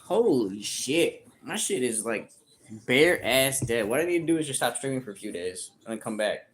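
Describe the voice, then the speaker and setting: A man's voice: medium pitch, animated, fairly quick, fairly bright tone, a little hiss or hum. A young man livestreaming, answering chat questions in crude, profane, slangy banter. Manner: reads chat questions aloud and answers bluntly.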